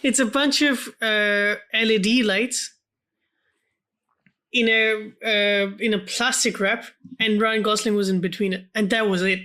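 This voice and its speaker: Guy cohosting a movie podcast, kinda halting, says like a lot, keeps restarting sentences. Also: sits high, fairly even intonation, bright, forceful tone. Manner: hesitant, fills speech with "like" and restarts. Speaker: podcast co-host. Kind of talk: casual film-review chat.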